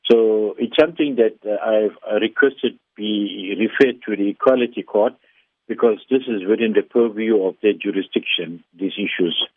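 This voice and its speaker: Low-voiced man on a tinny phone line. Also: moderate pace, dry recording. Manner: formal, emphatic wording with frequent stumbling restarts. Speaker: interview guest, former councillor. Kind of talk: radio phone interview.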